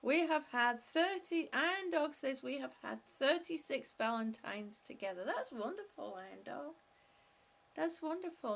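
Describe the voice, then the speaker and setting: A woman hosting a relaxed live stream, talking slowly with a gravelly, creaky edge to her voice. Her voice sits a little higher than most. She reads out viewer comments, answers them, and laughs often between them. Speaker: vlogger reading live chat. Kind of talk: casual live-stream chat.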